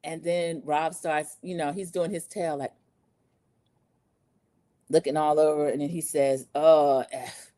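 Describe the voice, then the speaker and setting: A woman hosting a podcast, recapping a TV show in a chatty, animated way and talking straight to her listeners. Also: sits low, unhurried, pauses often, dry recording. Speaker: podcast host. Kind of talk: casual TV recap chat.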